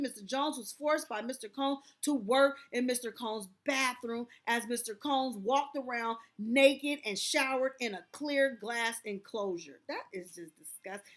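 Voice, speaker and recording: A woman's voice: sits high, a bit bright. A woman host reading court documents aloud, breaking off often to laugh and exclaim. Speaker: commentary channel host.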